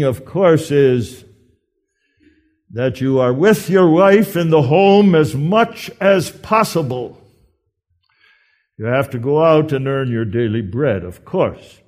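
A man preaching a sermon in an earnest, emphatic way with deliberate pauses. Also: a little high, darkish tone.

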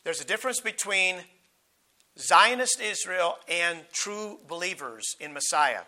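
High, bright-voiced preacher losing his voice. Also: expressive. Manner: reads scripture slowly and emphatically, with stumbles and restarts in asides. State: losing his voice, clearing his throat. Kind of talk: sermon, Bible teaching.

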